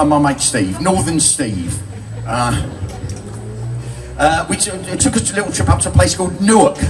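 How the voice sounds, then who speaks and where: On stage in a bar, an older English man with a voice on the high side tells cheeky, crude stories and laughs along at his own jokes. The distant live-audience recording carries a noisy background.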